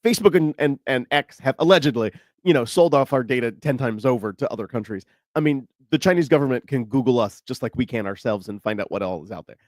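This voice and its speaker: A man's voice: medium pitch, fast, few pauses, darkish tone, no room sound, clean studio sound. A man speaking as a guest on a radio show, chatting casually and laughing between his points. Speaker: guest panelist. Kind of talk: casual chat.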